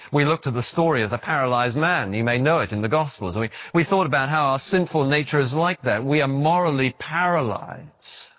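A man preaching a sermon, telling stories with animated acted-out voices and frequent stammered restarts. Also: medium pitch. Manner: animated storytelling, acting out voices in his anecdotes; repeats words when restarting.

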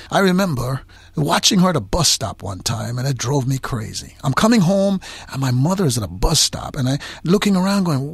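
Gravelly-voiced man preaching a sermon. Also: a little high, dry recording. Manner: storytelling, acts out dialogue, builds to impassioned climax. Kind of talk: sermon with personal story.

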